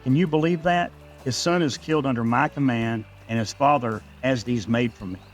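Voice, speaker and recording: A man voicing a grieving army officer, speaking low and somber in a told story. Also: moderate pace, faint music behind, lightly acted.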